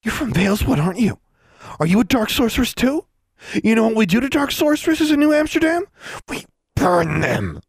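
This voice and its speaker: A man's voice: high-pitched, very animated, a little fast, breathy edge, dry recording, clean studio sound, voice pushed up, exaggerated voice. A man voicing a tall, cruel teenage witch girl who snarls threats at a classmate. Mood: threatening.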